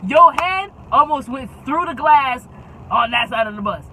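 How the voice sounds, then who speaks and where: A woman's voice: high voice, expressive, measured pace, pushed and bright, a little hiss or hum, poor audio. A young woman tells a casual, dramatic storytime and keeps adding "okay?" to drive her points home. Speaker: YouTube storyteller.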